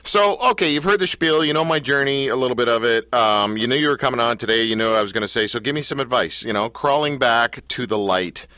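A man's voice: mid-range voice, quick pace, hardly any pauses, sharp tone, smooth, no room sound. A man hosting a live radio talk show, candid and self-mocking as he speaks into a studio mic. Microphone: studio microphone.

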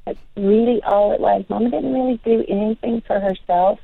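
A woman's voice: mid-range voice, fairly even intonation, normal speed, gravelly, slightly rough, no room sound. An older woman, a guest in an interview, chatting in a rambling way full of "you know". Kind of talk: casual interview chat. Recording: tinny phone-like line, dry.

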